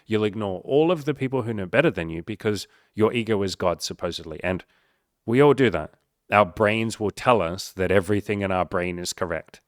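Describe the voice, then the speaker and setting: This life coach's motivational monologue is emphatic and full of swearing, mocking the self-doubt in the listener's head as he addresses the camera directly. He talks briskly in a lowish voice, recorded dry with no room sound.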